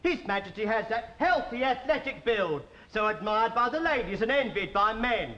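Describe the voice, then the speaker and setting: A man's voice: high-pitched, expressive, moderate pace, bright, forceful tone, echoey room, highs cut off. An actor playing a fussy, fawning male royal tailor who talks in a gushing, flowery way in a television comedy sketch, recorded in a studio before an audience. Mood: flustered.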